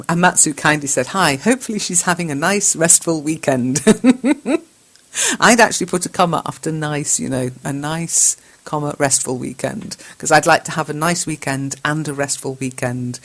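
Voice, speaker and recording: An English woman hosting an English lesson, reading out learners' chat messages, correcting them and spelling words out patiently. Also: low voice. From England. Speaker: English teacher and show host.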